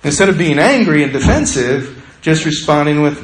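A man's voice: a little high, animated, moderate pace, echoey room, slight background noise, rough recording. A male pastor preaching a sermon in a conversational way, acting out the voices he quotes.

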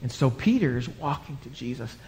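A man's voice: medium pitch, lively intonation, a little fast, darkish tone, slight background noise. A male pastor preaching a live sermon, telling a story dramatically and acting out the voices in it. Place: church sanctuary. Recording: live church hall with long reverb.

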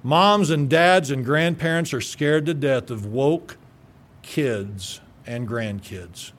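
A pastor preaching a radio sermon, forceful and emphatic, stumbling over repeated words as he builds up. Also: mid-range voice, takes it slowly, a little hiss or hum.

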